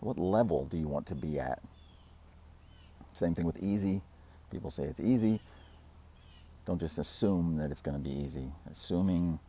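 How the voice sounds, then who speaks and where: Low-voiced man musing casually to camera. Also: warm tone, slightly rough. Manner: rambling, laughs at himself, mock quotes in raised voice. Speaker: fitness channel host. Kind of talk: casual talking-to-camera vlog.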